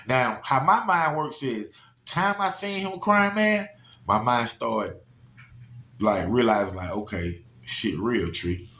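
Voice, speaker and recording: A man, from Georgia, telling a personal story in a casual, animated way, often asking "you know what I'm saying". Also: a little high, slight background noise. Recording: roomy echo.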